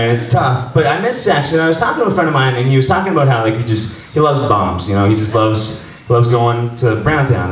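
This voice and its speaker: A man doing crude, rambling, self-deprecating stand-up at an open mic, bantering with the crowd. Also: medium pitch. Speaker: stand-up comedian. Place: small bar open mic with laughing crowd. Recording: roomy, distant club recording with crowd.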